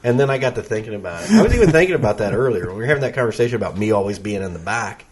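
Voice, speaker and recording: A man's voice: on the low side, lively intonation, racing, a little mellow, a little hiss or hum. A man chatting as a podcast guest, joking at his own expense and laughing often. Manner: self-deprecating, storytelling, laughs often. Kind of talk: casual chat.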